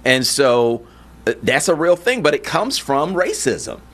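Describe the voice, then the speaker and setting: A man hosting a talk show, chatting in an animated way and often checking in with "you know what I'm saying". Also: on the high side, a little slow. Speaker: podcast host. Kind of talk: casual chat.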